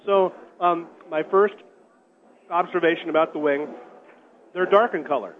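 A high-pitched man hosting a live radio show from a restaurant, gushing over the food and joking with his guests. He talks up prizes for listeners in an excited, playful way. The sound is thin and phone-like. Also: unhurried. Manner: jokey, effusive, hypes prizes. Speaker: radio host. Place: restaurant, live remote broadcast. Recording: phone-like narrow band.

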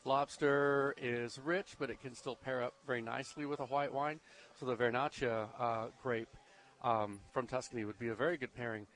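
A man appearing as a wine merchant guest on a radio show, speaking in a relaxed, hesitant way with many fillers. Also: medium pitch, moderate pace. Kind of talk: radio interview.

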